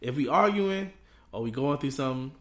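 A man co-hosting a podcast in casual chat, animated, laughing often and tagging lines with "bro". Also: medium pitch, fairly quick, reverberant. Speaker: podcast co-host.

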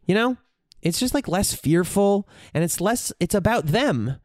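A man's voice: high voice, expressive, measured pace, darkish tone, no echo, clean studio sound. A man in a candid, reflective monologue, swearing freely and searching for his words as he goes.

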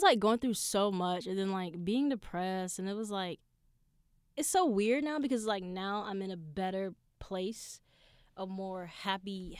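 A woman's voice: mid-range voice, clean tone, dry recording, studio quality. A woman hosting her own podcast, telling personal stories in a candid, profane way, full of fillers. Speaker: podcast host. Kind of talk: casual solo podcast monologue.

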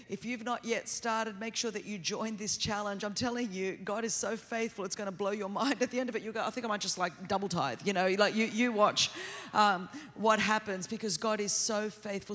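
Australian woman preacher, middle-aged, rapid nonstop sermon delivery, big church hall with long reverb. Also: mid-range voice. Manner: fast, energetic, continuous delivery. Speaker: guest preacher. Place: large church auditorium.

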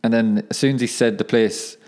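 A man's voice: medium pitch, fairly even intonation, a little fast, a little mellow. A young man hosting his own podcast, chatting casually in a rambling, self-correcting way and laughing at himself. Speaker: podcast host and professional footballer. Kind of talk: casual solo podcast monologue.

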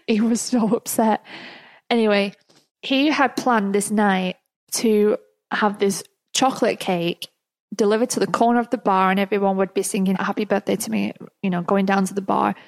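A woman hosts her own podcast and tells a personal story in a loose, chatty way, breaking into laughter often. Her voice sits at an ordinary middle pitch. The recording is dry and close, with no room sound. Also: steady tone, moderate pace, no echo. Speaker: podcast host.

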